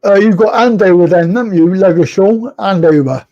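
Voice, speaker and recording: A man's voice: high-pitched, moderate pace, dark tone, highs cut off. A man hosting a live online chat, rambling and chuckling as he reads out viewer comments and teases them. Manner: rambling, chuckling, self-correcting, teasing viewers. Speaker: host of a live chat show.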